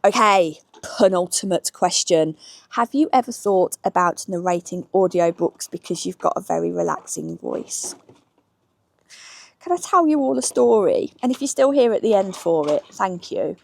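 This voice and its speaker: A woman's voice: medium pitch, animated, normal speed, gravelly. A middle-aged woman from Birmingham with a Brummie accent, chatting candidly with frank asides as she answers viewers' questions outdoors in a garden. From Birmingham, England. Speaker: history YouTuber.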